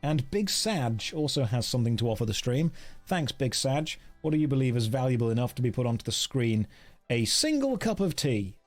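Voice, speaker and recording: A man's voice: mid-range voice, very animated, fairly quick, soft background music. A man chatting playfully with viewers during a casual game stream, joking as he plays.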